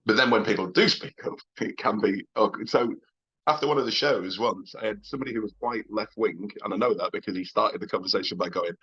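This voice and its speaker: Husky Northern English man telling stories. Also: on the low side, fairly quick, bright, forceful tone, dull audio. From England. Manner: anecdotal, laughs between points, frequent restarts; swearing, blunt. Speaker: comedian, podcast guest. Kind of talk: casual interview storytelling.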